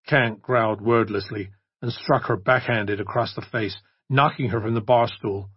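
Husky male audiobook narrator. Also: fairly low pitch, fairly even intonation, moderate pace, no room sound. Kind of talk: scripted narration. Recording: dry, dull lo-fi recording.

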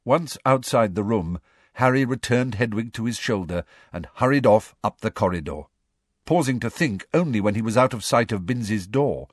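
An audiobook narrator, male, reads a storybook aloud in an expressive, storytelling way. His mid-range voice moves at a normal speed, and the recording is clean studio sound with no room noise.

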